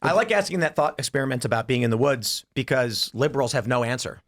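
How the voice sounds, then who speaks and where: A man's voice: mid-range voice, lively intonation, fast. A man hosting a casual panel debate, talking animatedly and acting out quoted voices as he lays out a scenario. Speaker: podcast host.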